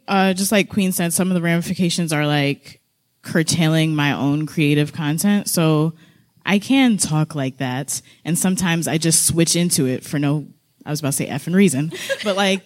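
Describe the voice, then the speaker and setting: A podcast host sharing reflective thoughts in a casual panel discussion, chatty and quick to laugh. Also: mid-range voice.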